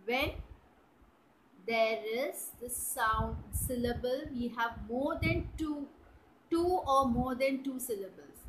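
A woman with an Indian English accent teaching grammar to children, spelling out words and often checking with "right?" and "clear?". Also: a little high, takes it slowly, slight background noise, low-quality recording. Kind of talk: slow, deliberate grammar lesson for children.

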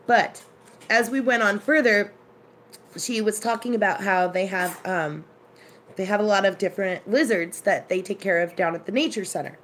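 A woman's voice: mid-range voice, moderate pace, a bit bright, a little hiss or hum. A woman hosting a casual live stream from her home kitchen, chatting with viewers and telling a story. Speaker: live-stream cooking host.

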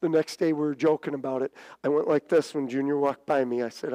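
A middle-aged man preaching a sermon, telling a story with stammers and restarts and big swings in pitch. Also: steady tone, quick pace, dark tone. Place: church sanctuary. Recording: church hall reverb.

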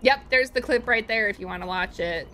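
Brief: young woman streamer, jokey gameplay commentary, bright tone, game music under. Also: on the high side, a little fast. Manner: playful, jokey, talks to chat.

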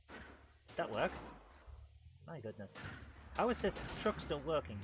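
A man with a slightly raised voice keeps up loose, self-mocking banter as he plays a game live. The game's vehicle and ambient sounds clatter loudly underneath him the whole time. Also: on the high side, big pitch swings, unhurried, pauses often. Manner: chatty, self-mocking, talks to chat. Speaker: game streamer. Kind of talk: live let's-play commentary. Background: game engine and vehicle noise.

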